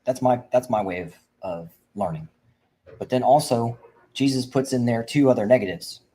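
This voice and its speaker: A man's voice: mid-range voice, normal speed, warm tone, low-quality recording. A man hosting a livestream for veterans, preaching fervently and rambling with frequent restarts. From Indiana. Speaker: veteran advocate host. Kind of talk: livestream talk.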